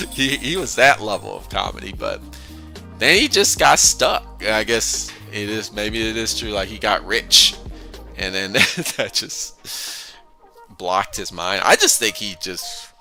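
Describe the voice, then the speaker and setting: A man's voice: on the low side, lively intonation, takes it slowly, gravelly, pushed and bright, soft background music. A man hosting a casual philosophy talk, rambling with frequent restarts and chuckling often between points. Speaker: host of a philosophy discussion channel. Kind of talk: casual conversational monologue.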